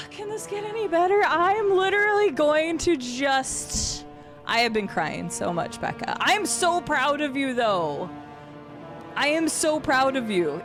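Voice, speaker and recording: A young woman streaming a game, chatting casually and getting emotional and excitable, with casual swearing. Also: mid-range voice. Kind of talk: casual live-stream gaming chat.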